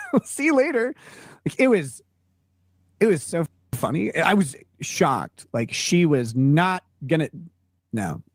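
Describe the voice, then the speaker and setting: A man from Minnesota tells a casual anecdote, rambling and halting with lots of fillers. His voice sits at an ordinary pitch. The sound is dry and close. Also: a little mellow, no echo. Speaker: streamer telling an anecdote. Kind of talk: casual storytelling.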